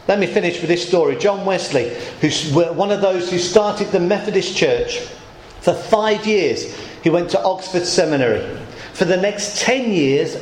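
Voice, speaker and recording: A middle-aged pastor preaching a sermon, emphatic and rhetorical, slowing words down for effect, in a church hall. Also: male voice, high-pitched, slight background noise.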